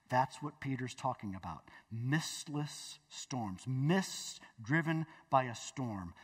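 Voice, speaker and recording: A male pastor preaching a sermon in a church, emphatic, swinging between loud exclamations and hushed asides. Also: mid-range voice, breathy edge, far from the mic. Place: church sanctuary.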